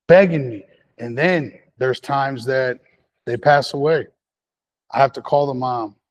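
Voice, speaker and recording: A man speaking on a panel, giving earnest personal testimony about recovery and repeating key phrases for emphasis. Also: medium pitch. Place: community meeting room.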